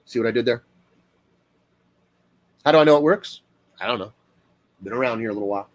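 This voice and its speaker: A man, a dog trainer, talking casually in a rambling monologue full of fillers and acted-out quotes. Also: a little fast. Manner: rambling, lots of fillers, acts out quoted people in higher voice.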